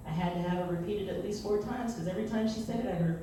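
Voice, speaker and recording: A woman in her forties doing a stand-up comedy set in a theatre, brash and lively, laughing at her own jokes. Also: on the low side, fast, few pauses, distant mic, background noise. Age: 40s. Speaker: stand-up comic. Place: theatre stage. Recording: echoey hall recorded from afar, audience sounds.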